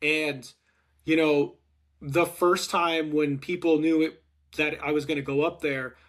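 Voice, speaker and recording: High-voiced man telling a lively story. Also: a little slow. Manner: animated, acts out quotes with rising excitement. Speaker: podcast host. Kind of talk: casual storytelling chat.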